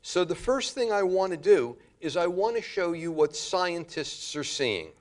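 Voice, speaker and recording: A man giving a public lecture, telling a story in an animated way. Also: high voice, unhurried.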